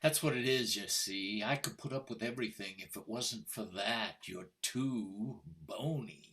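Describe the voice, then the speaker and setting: A man's voice: fairly low pitch, fairly bright tone. An older man playing a scornful, mocking husband. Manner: taunting, mocking, coldly deliberate. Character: scornful middle-aged husband baiting his wife. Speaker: actor in a play. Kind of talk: stage play acted over video call. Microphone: computer mic on a video call.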